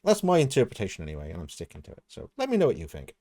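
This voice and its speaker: A man's voice: fairly low pitch, huge pitch swings, very fast, mellow, no echo, studio quality. A man hosting a music reaction video, talking through a song in a chatty, thoughtful way. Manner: thoughtful, chatty, analytical about vocals. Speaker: music reaction channel host. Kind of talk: casual reaction commentary.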